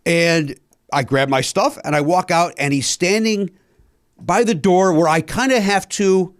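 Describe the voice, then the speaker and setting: A man's voice: sits high, measured pace, no room sound, studio quality. A man hosting a podcast, telling a story in casual chat, acting out the dialogue and swearing. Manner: animated, acts out quoted dialogue, swears. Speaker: podcast host.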